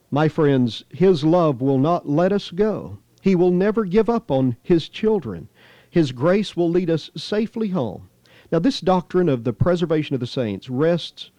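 A man's voice: fairly high pitch, mellow, no echo. A man preaching a sermon with scripture readings, earnest and emphatic, rising on key phrases. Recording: slightly dull lo-fi dry recording.

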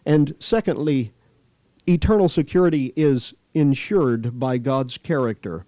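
A man's voice: medium pitch, unhurried, warm tone, dry recording. A man preaching a sermon with scripture readings, earnest and emphatic, rising on key phrases. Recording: slightly dull lo-fi dry recording.

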